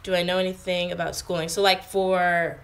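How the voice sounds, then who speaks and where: A fairly low-pitched, flat voice moving at normal speed belongs to an American vlogger in her twenties. She's indoors at home in England on a livestream, casually going through viewer comments and answering them with many filler words.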